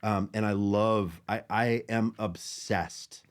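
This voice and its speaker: A lower-voiced man talking as a podcast guest, eager and warmly enthusiastic about his craft. He laughs often and his energy rises as he gets excited. The tone is casual and grateful. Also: slow pace. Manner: enthusiastic, self-described nerd, laughs often. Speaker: guest bassist. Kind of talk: casual chat.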